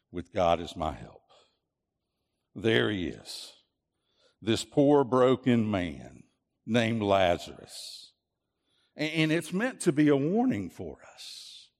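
A man's voice: mid-range voice, big-room sound. A man pastor preaching a sermon, earnest and repetitive, often restarting his phrases. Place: church.

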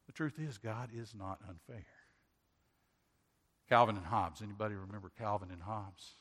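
A man's voice: lowish voice, normal speed, pauses often, fairly bright tone, breathy edge. A pastor giving a sermon in an earnest way, asking rhetorical questions and often restarting his sentences. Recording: long hall reverb.

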